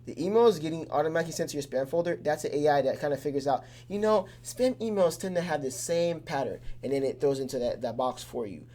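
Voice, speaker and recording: A man's voice: on the high side, lively intonation, fast, hardly any pauses, dark tone. A man giving a casual, conversational lesson that breaks the topic down with everyday examples. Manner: loose and conversational, with many fillers and restarts; keeps things simple with everyday examples. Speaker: teacher.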